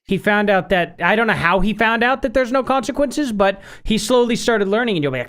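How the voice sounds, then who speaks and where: A man's voice: sits high, brisk, few pauses, clean tone. A man co-hosting a podcast, chatting casually and acting out little quotes as he tells stories. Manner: lively, chatty, acts out quotes. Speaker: podcast co-host. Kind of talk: casual chat.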